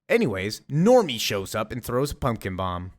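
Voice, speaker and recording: A man's voice: medium pitch, wildly swooping pitch, normal speed. A man recapping a comic book story in a casual, chatty, enthusiastic way, with rambling asides.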